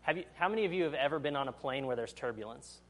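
A man's voice: mid-range voice, expressive, rapid-fire. A man preaching a sermon, reading scripture aloud and then explaining it in a conversational way, asking the audience questions and acting out the quotes. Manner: acts out quotes in voices.

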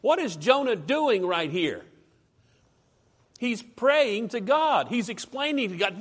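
A man preaching a sermon in a conversational, animated way, reading scripture aloud with rising emphasis. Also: high voice, slow, husky.

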